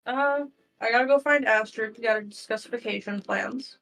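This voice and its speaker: A woman's voice: on the high side, normal speed, creaky, a bit bright. A woman playing a tabletop role-playing game, speaking in character and teasing the others. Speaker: player. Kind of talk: tabletop role-play banter.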